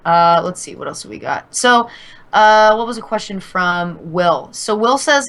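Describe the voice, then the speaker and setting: Brief: bright woman podcast co-host, casual, rambling, loose-mouthed. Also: medium pitch, lively intonation, measured pace. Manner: rambling, with fillers and restarts, swears casually.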